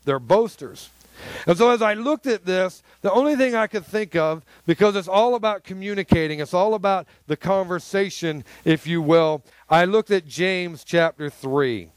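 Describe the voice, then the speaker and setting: A man preaching a sermon with a high, ringing voice, talking like he's chatting with the room and then suddenly bearing down hard for emphasis. The sound is dry and close, with no room echo behind him. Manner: emphatic, conversational preaching with sudden loud bursts. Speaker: pastor.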